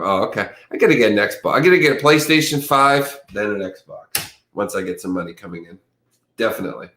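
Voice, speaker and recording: A man's voice: mid-range voice, pushed and bright. A man hosting a casual livestream who chats loosely with his audience, reads crime news aloud and stumbles over hard words. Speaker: livestream host. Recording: echoey room.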